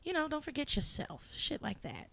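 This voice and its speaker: A woman co-hosting a podcast, chatting in a lively, laughing, profane way. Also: sits high, moderate pace, creaky. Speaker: podcast co-host. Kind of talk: casual chat.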